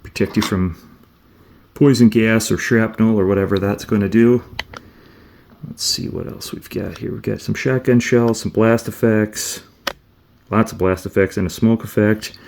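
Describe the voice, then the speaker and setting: Male toy reviewer, low mellow voice, rambling casual delivery, faint background hiss. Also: fairly even intonation, normal speed, creaky. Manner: meandering, thinks aloud while handling items.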